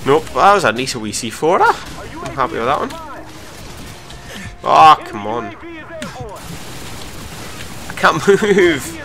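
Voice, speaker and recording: A young man giving live commentary over his own gameplay, swearing and mocking himself between sudden excited outbursts. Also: fairly high pitch, takes it slowly, pauses often, faint music behind. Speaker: gaming commentator.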